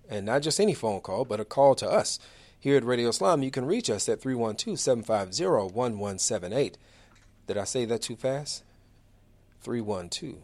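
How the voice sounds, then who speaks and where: A man in his forties with a mid-range, darkish voice hosts a live radio talk show from a studio. He's chatty, friendly, and upbeat as he works through announcements.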